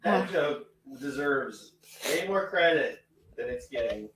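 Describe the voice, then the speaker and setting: A man's voice: fairly high pitch, animated, takes it slowly, a bit bright, slight background noise. Man with dry puns in a roomy room. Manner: dry punning quips.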